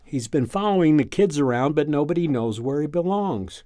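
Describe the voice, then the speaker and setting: A man reading a first-person story aloud in a calm, measured, reflective way. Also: a little high, no echo, studio quality. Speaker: narrator.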